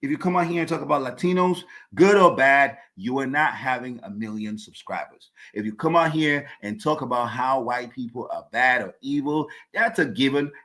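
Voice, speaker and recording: A man's voice: mid-range voice, normal speed, few pauses, a bit bright. A man hosting his own podcast, delivering an emphatic opinion monologue and repeating words as he builds his points. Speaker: podcast host.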